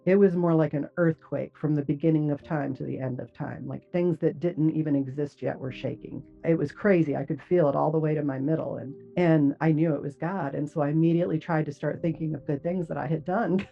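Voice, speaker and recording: Low, gravelly middle-aged woman. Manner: earnest, reflective, many "like" and "you know" fillers. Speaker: guest recounting a near-death experience. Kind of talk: personal spoken testimony. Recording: dull lo-fi audio with faint music.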